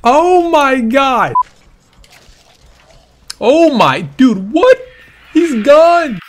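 A young man giving excited gameplay commentary, laughing, gasping and repeating himself as he plays. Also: very high-pitched, very slow. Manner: excitable, laughs and gasps often, repeats phrases. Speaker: gaming YouTuber. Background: background music.

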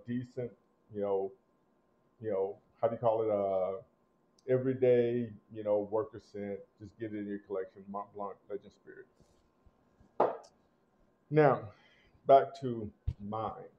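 Male host, low voice, punchy delivery, slightly dull lo-fi sound, casual review. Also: measured pace, long pauses. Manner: animated, emphatic, swings between loud punches and low asides.

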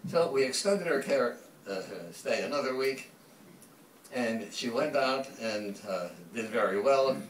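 A man's voice: mid-range voice, unhurried, distant mic, slight background noise. Older man telling a story in an echoey hall. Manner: anecdotal, acts out quoted dialogue. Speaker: speaker. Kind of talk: public talk with storytelling.

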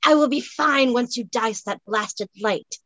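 A woman voicing a wary Highlander man from the past, speaking with a husky Scottish burr in old-fashioned speech. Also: unhurried, a bit bright, no room sound, muffled recording. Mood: gruff.

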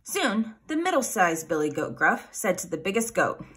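A woman reading a children's fairy tale aloud in an expressive, animated way. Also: medium pitch, normal speed, husky. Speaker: storyteller.

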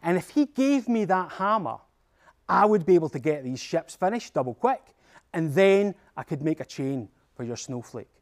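A Scottish man tells a folktale with playful energy, his fairly high voice rising and falling constantly. He narrates like a seasoned storyteller, carrying the listener along. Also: normal speed. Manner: animated and playful.

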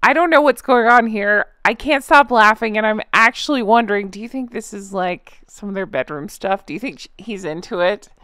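A woman's voice: mid-range voice, fairly quick, few pauses, fairly bright tone, smooth, no echo, studio quality. A woman hosting a reaction channel, chatting to viewers with a giggly, casual manner and lots of fillers.

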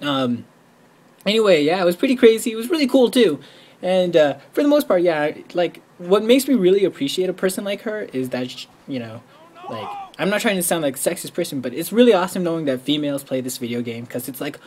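A man giving casual gameplay commentary, rambling and excitable, leaning on "like" constantly. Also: fast talker. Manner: rambling, excitable, heavy use of "like"; bursts into high squealing when quoting himself.

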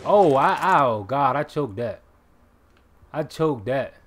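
A young man giving live gameplay commentary in a casual, excitable way, swearing and bursting into shouts. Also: mid-range voice, slow pace, a little hiss or hum. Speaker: gaming commentator.

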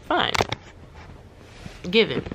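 A woman's voice: very slow, very noisy. A woman vlogging from her hotel room, venting to her viewers in a frustrated, swearing, casual way.

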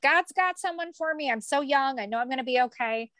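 A woman's voice: high-pitched, a little fast, a bit bright, no room sound. A young woman guest speaking earnestly about her own story in an interview, often repeating phrases for emphasis. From United States. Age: young adult. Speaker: podcast guest, author. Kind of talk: emotional personal storytelling.

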